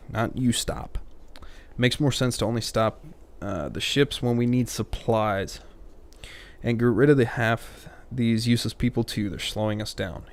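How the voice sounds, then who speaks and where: Man, gravelly voice, let's play, reads game dialogue aloud, crude muttered jokes in between. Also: medium pitch, lively intonation, moderate pace. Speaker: let's play host reading game text.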